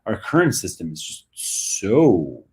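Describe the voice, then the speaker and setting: A man's voice: on the low side, wildly swooping pitch, slow pace, a little mellow, husky. A male podcast host talking casually, rambling with lots of "like" and "you know". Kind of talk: casual conversation.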